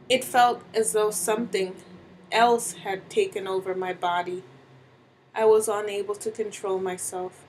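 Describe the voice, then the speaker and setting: A woman telling a dramatic first-person story, slow and deliberate with long pauses. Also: mid-range voice, fairly even intonation, darkish tone, a little hiss or hum, poor audio.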